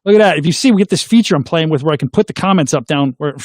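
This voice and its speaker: A middle-aged man, hosting a casual call-in show, goofy and excitable, making silly sound effects. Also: fairly high pitch, racing, no room sound, studio quality. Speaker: host of a call-in livestream show.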